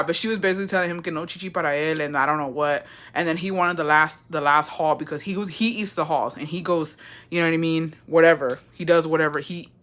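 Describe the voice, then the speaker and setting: A young woman hosting a livestream, chatting casually and reading comments. She is animated, sassy and swears often. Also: on the low side. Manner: animated, profane, sassy, reads chat aloud. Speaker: livestream host.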